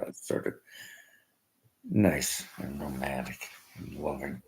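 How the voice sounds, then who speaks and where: Gravelly deep-voiced man rambling. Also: a little mellow. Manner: halting, emotional, drops to near-whispers. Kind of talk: rambling personal monologue.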